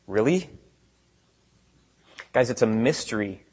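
A man preaching a sermon to a room of listeners, paraphrasing scripture with animated sarcasm and swinging between quiet and loud. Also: medium pitch, measured pace, husky. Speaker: pastor. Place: room with congregation.

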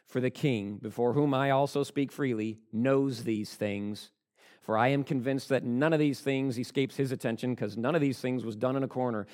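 Man preaching with sudden loud bursts. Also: medium pitch, moderate pace. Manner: dramatic, acts out the characters with sudden loud shouts. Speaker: pastor. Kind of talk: sermon.

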